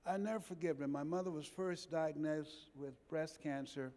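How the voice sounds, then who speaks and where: A man's voice: a little high, moderate pace, dark tone. An older man giving an impassioned motivational keynote in a large convention hall, building rhythmic repetitions. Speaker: motivational speaker. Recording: long reverb of a big hall.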